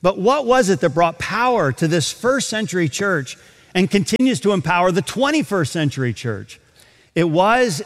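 A pastor preaching a sermon to a large auditorium, reading scripture with slow, emphatic stress and quick asides. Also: male voice, high-pitched, big-room sound. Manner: expressive preaching with dramatic slowdowns and emphatic scripture quotes.

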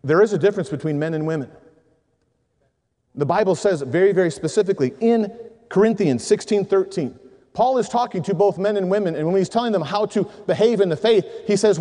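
A middle-aged man preaching a sermon to men, telling animated stories and acting out voices in his anecdotes. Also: sits high, brisk. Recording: long hall reverb.

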